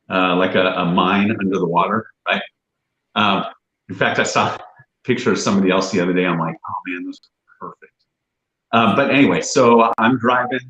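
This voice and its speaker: A man co-hosting a casual livestream, telling rambling, animated stories. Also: on the low side, reverberant, highs cut off. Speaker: real estate agent and livestream co-host.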